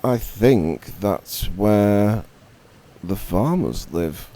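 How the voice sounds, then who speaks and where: A friendly, chatty male robin with a homely Northern English accent , put on by a man. He chats about cake crumbs in a low, mellow voice, barely above the teller's own. A gentle storybook character. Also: animated, extremely slow, heavily acted.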